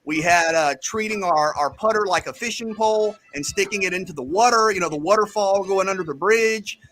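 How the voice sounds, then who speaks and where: A man co-hosting a radio show, chatting in a lively, amused way. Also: high voice, fairly quick, slight background noise, low-quality recording. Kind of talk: casual sports radio chat.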